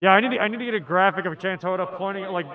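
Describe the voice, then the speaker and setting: Man, live tournament commentator, chatty, a bit higher voice. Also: rapid-fire, phone-quality sound. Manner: chatty, often laughing. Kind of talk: live card game commentary.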